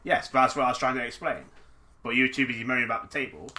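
A man's voice: mid-range voice, very fast, sharp tone. A man co-hosting a podcast in casual banter, with dry, blunt retorts. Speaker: podcast co-host.

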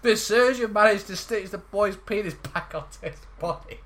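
A man's voice: high voice, normal speed, fairly bright tone, a little hiss or hum. A man co-hosting a casual comedic podcast, reading odd news stories aloud and laughing through them.

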